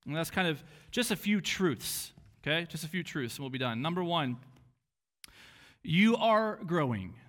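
A man with a fairly high voice delivers a sermon in an earnest, questioning way. He asks his listeners one question after another and sometimes slips into a mocking inner voice to make his point. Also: animated, brisk, hardly any pauses, a bit bright. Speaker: pastor.

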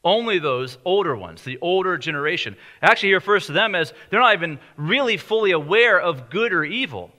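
A man preaching a sermon, his voice fairly high and bright. He talks in a conversational way and slows down to stress key lines. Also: expressive. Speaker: pastor.

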